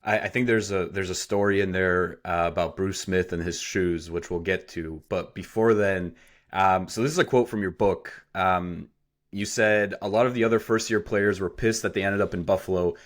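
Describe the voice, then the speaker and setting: A man hosting a podcast who asks questions in a measured, conversational way and sometimes reads quotes aloud. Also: sits low, fairly even intonation. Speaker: podcast host. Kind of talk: interviewing.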